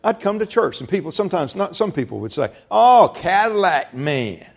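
Gravelly-voiced middle-aged preacher telling stories. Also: male voice, sits high, very animated, quick pace. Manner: folksy storytelling with laughter and quoted dialogue. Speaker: pastor. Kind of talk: sermon.

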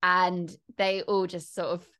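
A woman co-hosting a podcast in casual, bubbly chat, laughing often and talking in quick bursts. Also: lowish voice, level tone, a bit bright. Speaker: podcast co-host.

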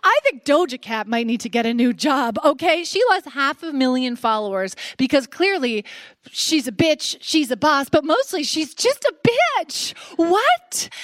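Brash, high-voiced Canadian woman. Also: no room sound. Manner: brash, sarcastic, playful. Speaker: podcast host. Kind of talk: live comedy podcast monologue. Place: stage before a live audience.

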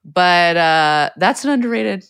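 A woman co-hosting a podcast in casual comedic chat, teasing her partner and firing off quick questions and asides. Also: on the low side, animated, vocal fry, fairly bright tone, clear, resonant tone, no echo, studio quality. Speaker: podcast co-host.

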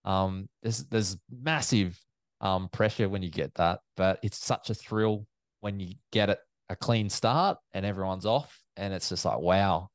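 A man, an event MC chatting in an interview as a lively storyteller, with many fillers and restarts. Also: sits low, a little slow, dry recording. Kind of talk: casual interview chat.

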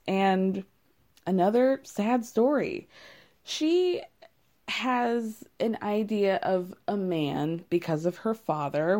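A woman's voice: on the low side, warm tone. A young woman in casual recap commentary, wry and amused, often breaking into laughter as she talks. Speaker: reality show recapper.

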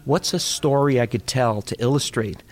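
A middle-aged man from Boston and New York, chatting about innovation and acting out characters as he tells jokes. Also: medium pitch. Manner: animated storyteller, quick, acts out characters. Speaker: speaker on innovation. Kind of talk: casual chat with comic impressions.

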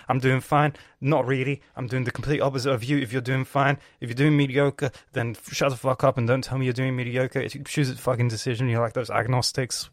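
A man rants in a stand-up comedy style, loud and profane, tripping over his words and restarting. His voice has a gravelly edge. The recording is dry, with no room sound. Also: mid-range voice, no echo. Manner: stammers and restarts often.

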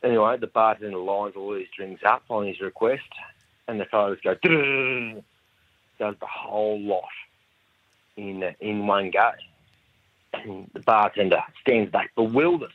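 A man's voice: lowish voice, fairly even intonation, moderate pace, no room sound. Rambling Australian man on a tinny phone line. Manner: rambling, slightly tipsy. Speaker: caller leaving a message. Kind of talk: telling a joke by phone.

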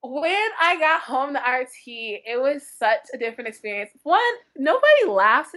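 A young woman from North Dakota, a book blogger guest telling animated stories in casual interview chat, laughing often. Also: sits high, moderate pace.

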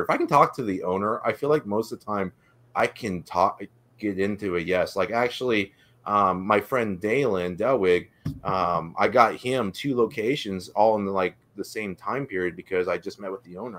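A man's voice: on the low side, fairly bright tone. A man in casual chat about his work, enthusiastic and going on and on. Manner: enthusiastic, goes on and on. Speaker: guest vendor.

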